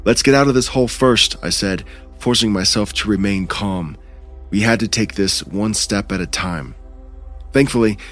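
A man narrating a first-person horror story in a measured, tense way. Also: fairly low pitch.

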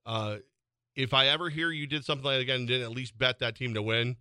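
A man in his forties co-hosting sports talk radio, his voice bright and forceful, dry and close to the studio mic. He spins animated, teasing stories in loose, chatty banter. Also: medium pitch, quick pace, smooth, dry recording. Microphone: studio microphone.

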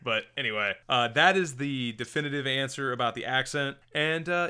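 A man co-hosting a movie podcast in a casual, animated way, laughing as he talks. His voice is bright and forward, and his pitch sits in a middle range. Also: moderate pace, clean tone. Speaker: podcast co-host. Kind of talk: casual movie review chat.

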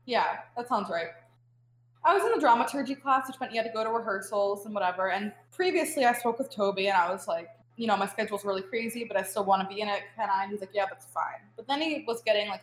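A young woman in her twenties talks casually as a guest, spilling a story with plenty of fillers. Her voice sits a touch high, and the room around her rings with echo. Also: lively intonation, fast, a little hiss or hum. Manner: chatty storytelling with frequent fillers. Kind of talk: casual chat.

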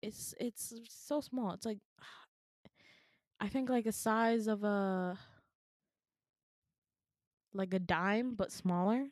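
A woman's voice: mid-range voice, fairly even intonation, drawn-out words, long pauses, a little mellow, no echo, studio quality. A young woman casually telling a dream story on a podcast, chatty and laughing often, swearing lightly and acting out the people she quotes. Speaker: podcast co-host.

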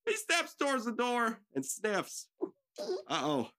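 A woman's voice: fairly high pitch, wildly swooping pitch, slow, bright, forceful tone, a little hiss or hum. A nervous woman narrating stage directions for an amateur radio drama, giggling and making joking asides.

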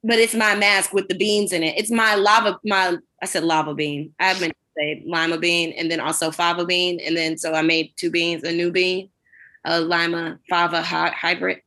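A woman co-hosting a podcast, telling a long, animated, rambling anecdote in casual chat with plenty of swearing. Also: on the low side, moderate pace. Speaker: podcast co-host.

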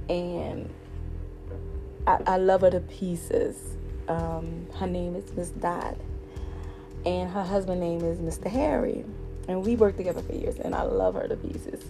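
A woman's voice: on the low side, creaky, rough recording. A woman telling a heartfelt personal story in a casual, earnest way, livening up when she quotes other people.

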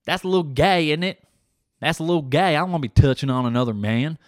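A man voicing a brash, boastful athlete who talks loud and cocky and swears. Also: a little high, fast talker, dry recording, studio quality, voice pushed up, lightly acted. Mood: indignant.

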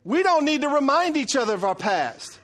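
Man, middle-aged, pastor, sermon, high-pitched, animated, joking. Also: fairly quick. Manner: animated and joking, swings from loud to hushed.

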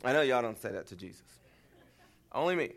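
A man's voice: mid-range voice, very animated, brisk, gravelly, fairly bright tone, slight background noise. A man, a pastor preaching in a conversational style and turning to the congregation with folksy, rambling asides. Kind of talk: conversational sermon. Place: church.

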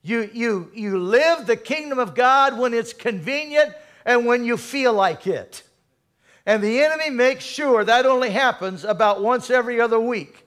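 High-voiced preaching man. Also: normal speed, fairly bright tone. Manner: preaching with call-and-response and dramatic swings in volume. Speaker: pastor. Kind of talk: sermon.

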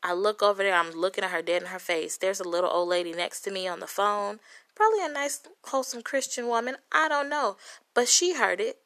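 Woman from Compton, bright forceful voice, profane heated storytelling, vlog rant. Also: mid-range voice. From Compton, California. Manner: profane, heated, dramatic retelling with quoted voices. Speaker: vlogger telling a story.

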